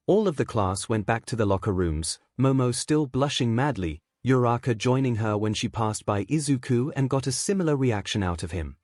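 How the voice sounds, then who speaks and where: A man narrates a fan-fiction story with a steady, even storytelling read. His pitch swings widely as he goes, and the recording sounds dry and close with no room behind it. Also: moderate pace, few pauses, no room sound.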